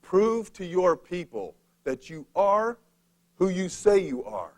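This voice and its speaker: A preacher speaking as a bold, smart-aleck prophet who talks in loose, modern phrases. His voice sits somewhat high for a man, and he taunts and commands with easy confidence. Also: sing-song, takes it slowly, darkish tone, heavily acted. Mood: pleading. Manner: brash, taunting, casual modern speech. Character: bold, mocking male prophet Elijah.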